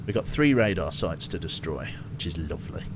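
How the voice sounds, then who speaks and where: A man's voice: low voice, expressive, fairly quick, background noise. Chatty male game streamer. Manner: chatty, thinks aloud, talks to chat. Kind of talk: casual live-stream commentary.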